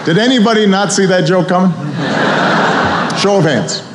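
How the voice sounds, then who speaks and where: A man giving a comic after-dinner speech, dry and pausing with filler uhs. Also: high voice, a loud crowd, heavy background noise. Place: large banquet hall. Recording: reverberant banquet hall.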